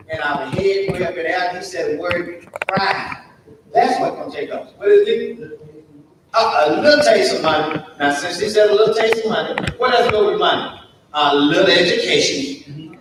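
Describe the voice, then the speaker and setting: A man's voice: high-pitched, slight background noise. A man teaching a Sunday school lesson in a church, in a preacherly call-and-response way that throws questions to the class. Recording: very echoey church room from far off.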